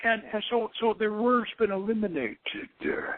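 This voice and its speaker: A high-voiced older man talks at a normal speed, with no room sound, hosting call-in radio on occult philosophy. Musing as he goes, he rambles and repeats words with frequent chuckles. The recording sounds dry and tinny, like a phone on the radio.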